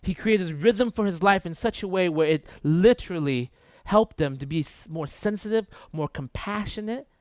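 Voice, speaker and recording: High-voiced pastor preaching conversationally. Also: male voice, moderate pace, a little mellow, dry recording. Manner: conversational, checks in with "right?" and "okay?"; repeats words for emphasis. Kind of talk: sermon.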